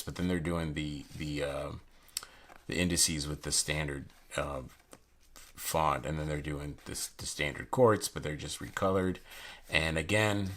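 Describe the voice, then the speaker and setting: Deep-voiced man rambling about playing cards. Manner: rambling, chatty, lots of fillers and asides. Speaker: playing card reviewer. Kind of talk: casual rambling review while handling cards.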